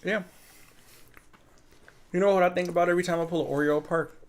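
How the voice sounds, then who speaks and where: A man's voice: high voice, fast talker. A man with a slightly raised voice chats on a live stream. He tells stories with animation and slips into put-on voices. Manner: animated storyteller, puts on voices. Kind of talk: casual chat.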